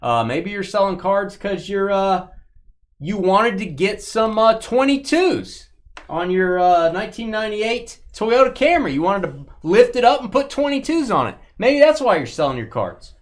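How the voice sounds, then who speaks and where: A man hosting a live sports card break stream, chatting casually and joking as he opens packs, breaking into excited shouts. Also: high-pitched, normal speed.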